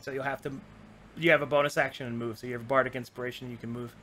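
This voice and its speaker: A man acting as game master for a tabletop game, with a voice of middling pitch. He walks the players through the rules in a patient, easygoing way and laughs often. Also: flat delivery, rapid-fire, fairly bright tone, a little hiss or hum.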